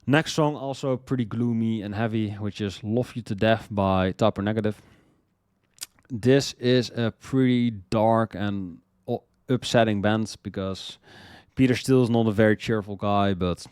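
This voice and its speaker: Speaking a little slowly, a young host of a music list chats casually about his favorite songs in a smooth, fairly low voice. His enthusiasm grows until he's rambling, repeating words and swearing freely. There's no room sound at all; the audio is dry and close.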